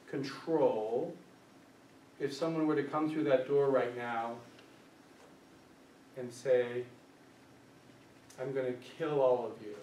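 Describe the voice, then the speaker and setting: A man with a slightly higher voice gives a live lecture to a small group in a meeting room, often turning to them with questions. He is heard from a distance in an echoey room. A faint hiss sits under his voice. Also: warm tone. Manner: engaging, asks the group questions; acts out quoted voices. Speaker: workshop presenter, social worker.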